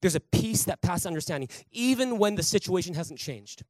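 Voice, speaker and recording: A male pastor with a fairly high voice delivers a lively sermon, acting out the people in his stories. The sound is close and dry, with little room echo. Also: fairly quick. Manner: animated storytelling with acted quotes. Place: church sanctuary.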